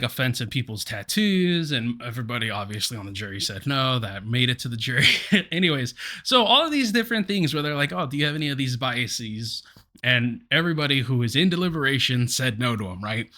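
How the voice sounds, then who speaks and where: A man co-hosting a podcast, telling a story in casual chat with frequent laughter. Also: mid-range voice. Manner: animated, laughs often mid-story. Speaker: podcast co-host.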